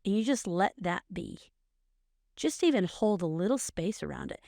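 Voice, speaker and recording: A woman's voice: fairly low pitch, very animated, moderate pace, gravelly, dark tone, dry recording, studio quality. A middle-aged woman co-hosting a podcast, giving earnest, coaching advice in a casual chat and repeating phrases for emphasis. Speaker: podcast co-host, mother.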